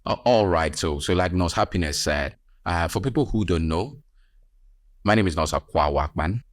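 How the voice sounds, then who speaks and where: A Nigerian man with a very low voice hosts a health podcast, stressing his points and teasing listeners. He sounds close and dry, with no room around him. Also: animated, moderate pace, no room sound. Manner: emphatic, preachy, teasing asides. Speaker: podcast host and nurse.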